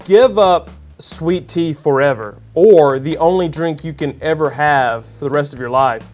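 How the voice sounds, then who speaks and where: A male host runs through his either-or questions at a quick, upbeat clip. His voice sits a little high. Light music hums faintly underneath. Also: darkish tone. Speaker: show host. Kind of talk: scripted interview questions.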